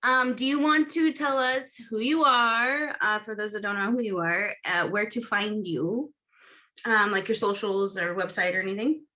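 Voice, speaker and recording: A woman's voice: medium pitch, moderate pace, sharp tone. A woman hosting a podcast in a casual, chatty way, with lots of ums. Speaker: podcast host. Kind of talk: casual interview chat.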